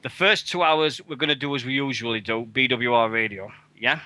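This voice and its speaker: A man co-hosting an internet wrestling radio show, talking excitably and swearing freely. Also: mid-range voice, brisk, no room sound. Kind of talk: casual internet radio chat.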